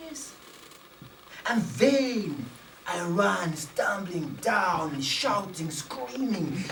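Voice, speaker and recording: A woman telling a dramatic story in spoken-word style, with rhythmic, repetitive phrasing and loud outbursts. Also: mid-range voice, expressive, extremely slow, slight background noise. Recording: roomy, distant, faint ambience.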